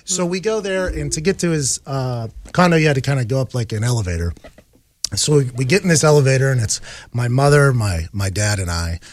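A man's voice: lively intonation, fairly quick, no echo. A man telling a funny story on a talk show, acting out the quotes and tacking "right?" onto his lines. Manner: acts out quotes with big pitch jumps, fillers like "right?". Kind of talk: animated comedic storytelling.

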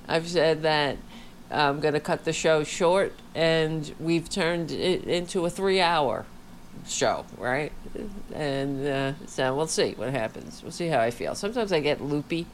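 A woman's voice: deep voice, animated, slow pace, slight background noise. A woman hosting a casual livestream chat from home, rambling and candid, sounding tired. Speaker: podcast host. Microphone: home studio microphone.

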